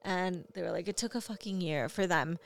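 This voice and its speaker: A woman's voice: on the low side, brisk, gravelly. A young woman and parent, chatting casually and telling a candid story with frequent fillers. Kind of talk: casual chat.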